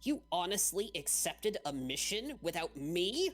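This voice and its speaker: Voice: mid-range voice, sing-song, measured pace, a bit bright, soft background music, pitched above the performer's own voice. A game master voicing an arrogant young male dragonborn fighter who talks in an indignant, bossy way.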